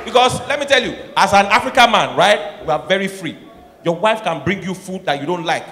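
A man from Nigeria with a Nigerian accent doing stand-up comedy, acting out voices and swinging from soft asides to shouted punchlines. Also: sits high, lively intonation, fairly quick. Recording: echoey hall, noisy live room.

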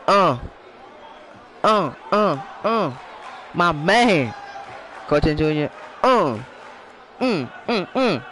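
A playful gamer giving casual commentary, excitable and often chanting along. His voice sits slightly high for a man. Faint noise runs behind him. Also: extremely slow, pauses often, a faint crowd.

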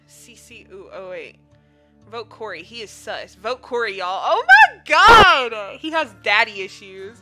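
A woman's voice: medium pitch, unhurried, music in the background. A woman streamer giving casual commentary on her gameplay, playful and full of slang, teasing other players and laughing often. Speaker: gaming streamer.

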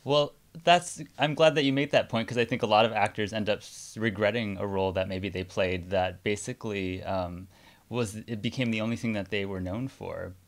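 A man's voice: fairly low pitch, steady tone, moderate pace. A man interviewing a guest, asking questions in a friendly, conversational way. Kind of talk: casual interview chat.

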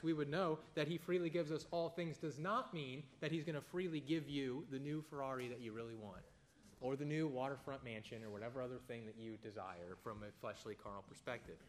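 A man teaching a casual Bible study, conversational and animated, telling everyday anecdotes between points. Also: fairly high pitch, slight background noise.

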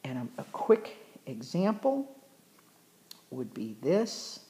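A woman's voice: rumbling low, very animated, slow, warm tone. A woman teacher explaining fractions in a chatty, encouraging way, often correcting herself mid-sentence. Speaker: math teacher. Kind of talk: recorded math lesson.

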